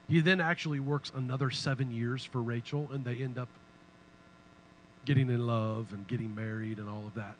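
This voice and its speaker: Man, sermon, animated, humorous, bright voice. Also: medium pitch, a little hiss or hum, poor audio. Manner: animated, humorous, conversational preaching. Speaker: pastor.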